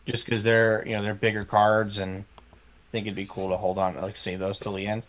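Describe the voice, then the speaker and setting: A man co-hosting a sports talk show, chatting casually with excitable praise and lots of fillers. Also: on the low side, fairly quick. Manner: excitable, gushing, with many fillers. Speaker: co-host. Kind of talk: casual chat.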